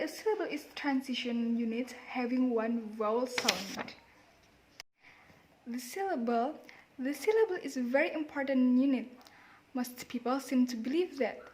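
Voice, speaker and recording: A woman with an Indonesian accent giving a class presentation on pronunciation, repeating example words with emphasis. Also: high voice. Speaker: student presenter.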